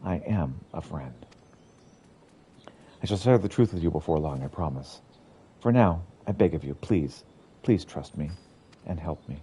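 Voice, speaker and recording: A man voicing a mysterious, earnest young woman from a game, speaking softly and pleadingly. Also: extremely low pitch, animated, measured pace, pauses often, a little hiss or hum. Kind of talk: reading game dialogue aloud.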